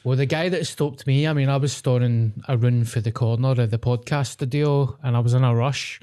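A man co-hosting a podcast in relaxed, sweary banter. His voice is warm and mellow. He speaks at an ordinary middle pitch, with a dry edge to his jokes. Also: a little fast. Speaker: podcast co-host. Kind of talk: casual chat.

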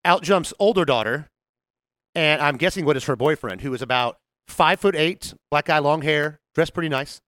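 A man's voice: a little high, moderate pace, fairly bright tone, no echo. A man telling a story in casual chat, acting out the quotes and laughing often.

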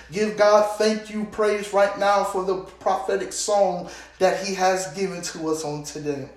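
A man's voice: high-pitched, little pitch movement, unhurried, heavy reverb, distant mic. A man preaching on a phone prayer line, speaking in tongues, chanting and often saying "uh". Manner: speaks in tongues, chanting and singing, many "uh" fillers. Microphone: phone line call.

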